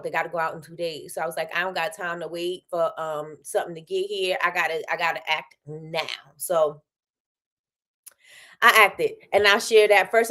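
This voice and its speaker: A tired woman hosting a daily live show, chatting casually and animatedly, with sudden high exclamations. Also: fairly bright tone. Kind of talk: casual livestream chat.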